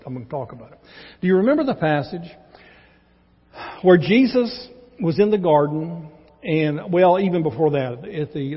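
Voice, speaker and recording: A man's voice: a little high, slightly rough. A man with a Texan accent, a pastor preaching a conversational teaching sermon in a church. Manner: conversational teaching, acts out quoted dialogue. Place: church sanctuary. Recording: dull, echoey church recording.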